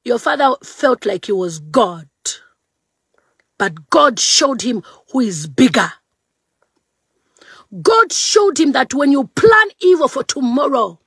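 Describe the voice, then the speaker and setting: A woman's voice: high voice, sing-song, slow pace, pauses often, fairly bright tone, husky, no room sound. A woman from Zambia delivering an angry political rant to camera, scolding and repeating mocking phrases. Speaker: vlogger.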